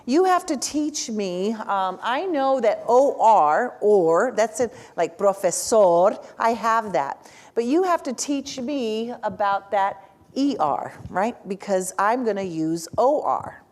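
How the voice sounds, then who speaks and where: Animated woman lecturing teachers. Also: medium pitch, slow. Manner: animated, asks the audience questions, frequent "right?"; speaks as the learner in first person. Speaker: lecturer on spelling instruction. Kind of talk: workshop lecture.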